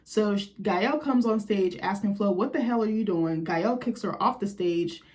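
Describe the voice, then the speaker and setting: A woman chats her way through a reality TV recap in a blunt, gossipy voice. She swears freely and laughs often, and her pitch leaps up when something amuses her. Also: normal speed, darkish tone. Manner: blunt, profane, gossipy commentary with quoted reactions. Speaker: recap host.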